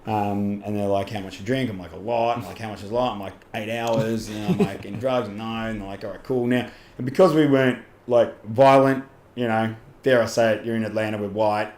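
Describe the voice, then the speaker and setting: A man's voice: lowish voice, fairly even intonation, brisk, few pauses, a little mellow. A man with an Australian accent, a podcast guest telling a story casually, laughing often and swearing in Aussie slang. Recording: echoey room with faint ambient noise.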